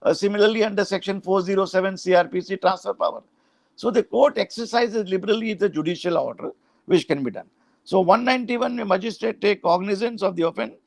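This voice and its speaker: Indian male law professor, middle-aged, high and dry-toned, lecturing students with frequent "huh?" checks. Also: fast, creaky, no room sound. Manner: explanatory, frequent "huh?" and "uh" asides, mixes in Hindi phrases.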